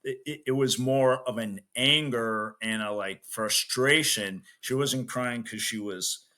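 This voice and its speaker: A man who coaches weightlifting, telling animated stories in a casual interview and laughing often between emphatic asides. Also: mid-range voice, measured pace. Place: Chicago, USA.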